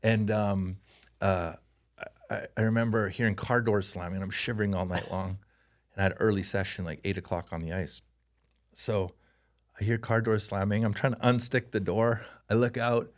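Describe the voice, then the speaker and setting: A man from Canada, a former hockey player, telling stories in a casual interview, animated and laughing often as he acts out voices. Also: fairly low pitch, normal speed.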